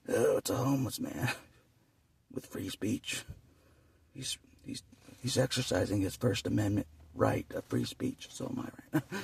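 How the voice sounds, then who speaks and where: A man's voice: on the low side, gravelly, distant mic, a little hiss or hum. A man vlogging in a rambling, casual monologue, chuckling often between phrases and repeating himself.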